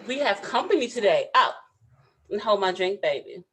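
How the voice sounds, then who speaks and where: A woman's voice: medium pitch, very animated, moderate pace, very noisy. A woman from the Southern US hosting a casual interview, bubbly and playful. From Southern United States. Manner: bubbly and playful, jokes and does impressions. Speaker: interview host.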